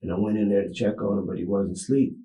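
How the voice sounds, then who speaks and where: Man, mellow dark voice, halting rambling slang, echoey small room. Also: fairly low pitch, fairly even intonation. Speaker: interview subject. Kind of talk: police interrogation recording. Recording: echoey room, camera mic.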